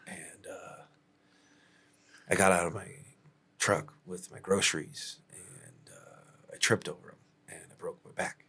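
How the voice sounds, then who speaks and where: A man voicing a scheming male client who fakes an injury, in a hushed, breathy whisper. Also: low voice, fairly even intonation, a little slow, exaggerated voice. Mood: feeble. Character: whiny middle-aged male client faking injury.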